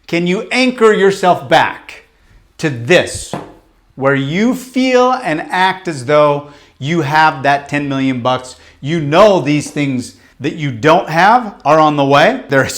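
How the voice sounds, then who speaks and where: A man coaching a live group in a motivational workshop, talking bluntly and emphatically, with casual swearing and rapid questions to the room. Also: on the high side, expressive. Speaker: business coach leading a training.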